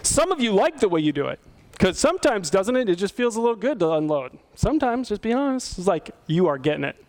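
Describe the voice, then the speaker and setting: A man's voice: high-pitched, big pitch swings, quick pace, a little mellow. A middle-aged male pastor giving a sermon in a conversational way, often asking his listeners questions. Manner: conversational, asks the audience questions.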